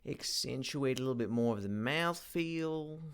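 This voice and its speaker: Man, casual work vlog, thinks aloud, rambling, many restarts, mid-pitched voice. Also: animated, clean tone. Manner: halting, rambling, frequent restarts and fillers; thinking aloud while working. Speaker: independent animation creator.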